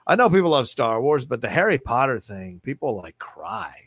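A man hosting a podcast in casual chat, telling stories in an animated, expressive way. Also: mid-range voice, a little fast, no echo. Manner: animated storyteller, lively and expressive. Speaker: podcast host.

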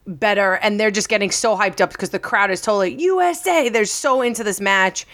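A woman in casual chat as a podcast co-host, retelling a TV episode in a lively way. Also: medium pitch, clear, resonant tone.

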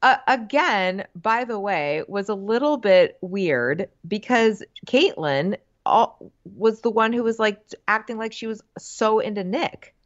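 Woman, podcast co-host; slow, expressive recap delivery, slightly muffled lo-fi recording. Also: mid-range voice. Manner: unhurried, reads from notes, with fillers. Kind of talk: casual chat recapping a TV show.

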